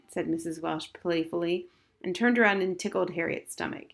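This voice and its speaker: A woman reads a children's novel aloud in steady scripted narration. Her voice sits a little low for a woman. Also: normal speed, creaky. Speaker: audiobook narrator.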